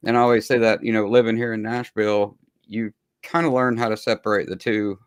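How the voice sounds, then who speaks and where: A man's voice: lowish voice, flat delivery, fairly quick, clear, resonant tone, no echo. A man hosting a podcast, talking in a rambling, laid-back way and swearing freely. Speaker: podcast host. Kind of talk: casual interview chat.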